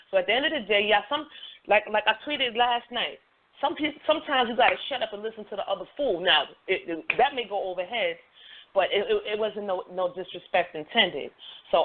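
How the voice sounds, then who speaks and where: A woman hosting a call-in talk show, chatting loosely and often stopping to ask "you know what I'm saying". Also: medium pitch. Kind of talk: casual call-in chat. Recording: tinny phone line.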